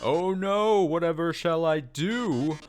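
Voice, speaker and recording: Guy doing a hammy robot tv star, way up high, over-the-top drama, slow and showy. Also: soft background music. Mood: melodramatic. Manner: hammy, melodramatic, mock-sorrowful. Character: flamboyant theatrical male robot TV star.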